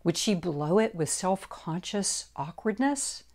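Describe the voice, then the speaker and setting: A woman author reading her own book aloud, in a measured and deliberate narration. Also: lowish voice, lively intonation, darkish tone. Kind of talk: audiobook narration.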